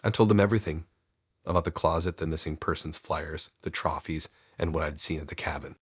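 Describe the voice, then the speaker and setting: A man narrating first-person horror stories in a steady, hushed, scripted delivery. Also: a bass voice, fairly quick, husky, no room sound, studio quality.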